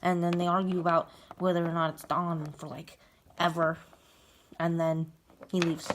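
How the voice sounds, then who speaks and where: A young woman tells a comic, rambling story, stuffed with valley-girl fillers. Her voice sits a little low. A noisy recording, with clicks behind it. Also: level tone, moderate pace. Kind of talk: comic retelling.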